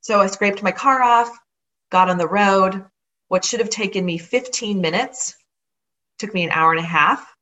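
A woman telling a personal story in an animated way, acting out what others said. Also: mid-range voice, moderate pace. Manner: animated, acts out others' words.

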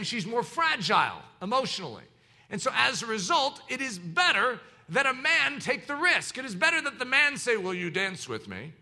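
Bright, lively preaching man. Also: extremely high pitch. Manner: emphatic, preacherly teaching. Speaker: pastor. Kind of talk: sermon.

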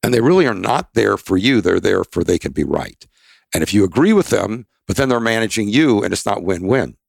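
A man's voice: lowish voice, lively intonation, fairly quick, vocal fry, no echo. An older man, a podcast guest, telling rambling, emphatic anecdotes in a casual interview. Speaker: expert guest.

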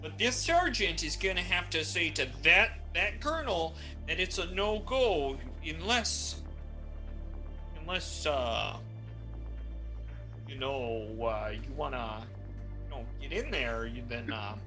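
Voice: medium pitch, expressive, slow pace, pushed and bright, soft background music. GM putting on a folksy bribe-hungry sergeant. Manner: folksy drawl with filler tags. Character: folksy greedy male sergeant guard.

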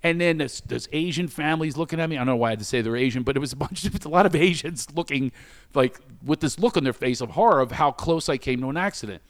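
A middle-aged man telling a candid personal story about shame and recovery, acting out the quoted lines with sudden high exclamations. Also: fast. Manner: self-reflective, speaks openly about recovery and shame.

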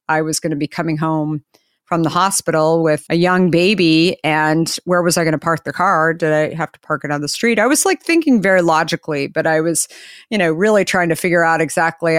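A woman who founded a company, telling an anecdote as an interview guest and acting out the quoted dialogue with lively shifts of voice. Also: deep voice, normal speed, no room sound, studio quality. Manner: animated, acts out quoted dialogue. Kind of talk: anecdotal storytelling in conversation.

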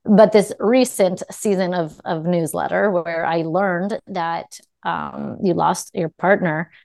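Guest, woman, lower-pitched, reflective, drawn-out conversational phrasing. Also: steady tone, vocal fry, a little mellow, no room sound. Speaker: podcast guest. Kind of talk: casual conversation.

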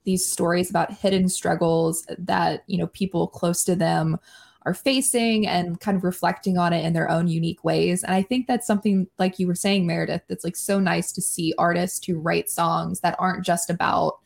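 A woman hosting a podcast, chatting casually in an upbeat, quick way. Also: on the low side, fairly even intonation, creaky, a little mellow, a little hiss or hum. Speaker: podcast host.

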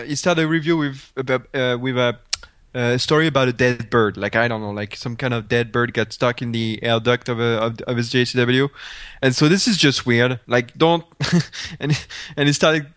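A man co-hosting a casual podcast, telling stories with animation and plenty of "like" and "you know." His voice sits at a middle pitch. The recording is dry and close. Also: smooth, dry recording. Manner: animated storyteller with frequent fillers and laughs. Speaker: podcast co-host. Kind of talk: casual chat.

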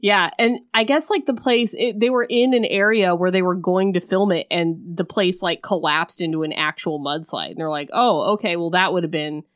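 A woman co-hosting a podcast in casual chat, recapping a film and acting out quick bits of its dialogue. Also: fairly low pitch, no echo, studio quality. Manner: chatty, retells scenes with quick acted-out quotes.

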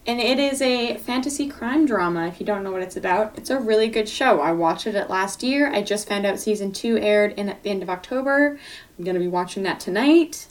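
A woman's voice: medium pitch, lively intonation, brisk, far from the mic. A woman co-hosting a podcast in casual chat, enthusiastic and teasing as she talks through a show. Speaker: podcast co-host.

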